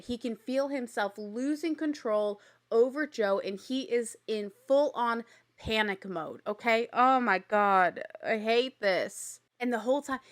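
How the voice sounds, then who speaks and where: A woman hosting a recap show, telling the story in a chatty, blunt way with casual swearing and animated exasperation. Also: a little high. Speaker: podcast host recapping a reality show.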